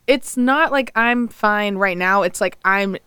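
A woman co-hosting a casual podcast, pushing back on her partner's points in quick bursts. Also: medium pitch, sharp tone, clear, resonant tone, no room sound, clean studio sound. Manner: defensive, laughs easily, talks in quick bursts. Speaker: podcast co-host. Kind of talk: casual chat.

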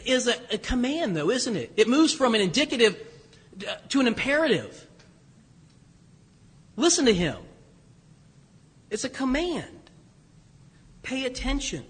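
A priest preaching a sermon, his voice pitched high for a man. He talks in a loose, conversational way with asides. The sound rings with the long reverb of a church. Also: fairly bright tone, husky. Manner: conversational, self-deprecating, with restarts and asides.

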